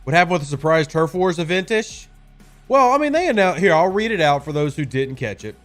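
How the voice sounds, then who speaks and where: A male streamer chats loosely through a game session with a lively, bouncing delivery and a fairly high voice. He leans into dry sarcasm and keeps replying to his chat. Faint music plays underneath. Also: fairly quick. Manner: sarcastic, chatty, talks to chat. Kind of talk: casual live-stream chat.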